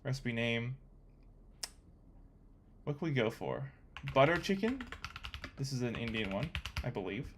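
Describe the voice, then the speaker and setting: A young man talking to himself while coding, thinking aloud with excitable, chatty commentary. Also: mid-range voice, a little slow, long pauses, noisy background. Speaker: coding vlogger. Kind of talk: casual screen-recorded coding commentary.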